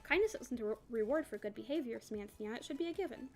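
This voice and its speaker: A calm female therapist poses gentle, measured questions, voiced by a woman reading aloud. Her voice sits slightly high and keeps a brisk pace. It sounds like an audiobook character voice. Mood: probing.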